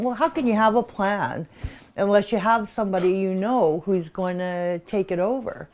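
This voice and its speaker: A woman in her sixties who runs a pig sanctuary speaks at normal speed with a medium pitch for a documentary, outdoors on a farm. Her talk is casual, soft, heartfelt, and emotional.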